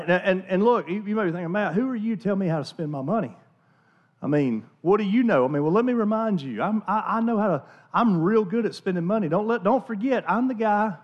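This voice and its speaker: A male pastor preaching in a relaxed, conversational way, stumbling over restarts and repeating words as he goes. His voice sits a little on the high side for a man, and he speaks from a church. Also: muffled recording. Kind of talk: sermon.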